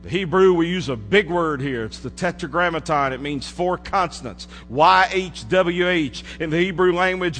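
A man preaching a sermon in a church, dropping to hushed low asides and rising to emphatic declarations. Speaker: pastor. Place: church sanctuary. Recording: hall reverb with mains hum.

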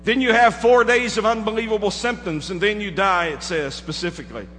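A man preaching a dramatic story in a high, bright, forceful voice. He swings from loud to hushed. He is heard in a reverberant hall with faint noise behind him. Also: fairly quick. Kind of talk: sermon illustration.

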